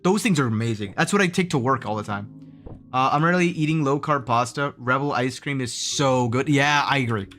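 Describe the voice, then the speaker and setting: A man's voice: medium pitch, fairly quick, fairly bright tone, faint music behind. A man streaming live, chatting casually with his viewers in a rambling way, full of restarts and fillers. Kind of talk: casual livestream chat with viewers.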